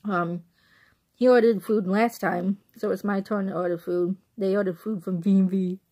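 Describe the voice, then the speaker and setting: A young woman from the Chicago suburbs in Illinois records a relaxed movie review on her phone, wandering off-topic and laughing often. She speaks at a moderate pace in a steady, mellow, mid-range voice.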